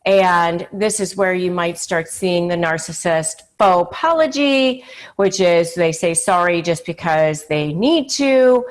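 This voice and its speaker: A woman with a fairly low voice talks straight to her viewers in an advice-style video. She is conversational and emphatic, leaning on fillers like "you know" and "uh". Now and then she slips into short acted-out quotes. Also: expressive, takes it slowly. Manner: acts out quoted pleading lines. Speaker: channel host. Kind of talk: direct-to-camera advice talk.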